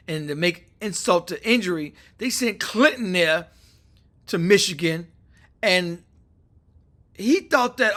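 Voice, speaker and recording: A man giving a casual opinion monologue on politics, animated, acting out imagined conversations. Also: sits high, slow, pauses often. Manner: animated, acts out quoted phone calls. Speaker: political commentator.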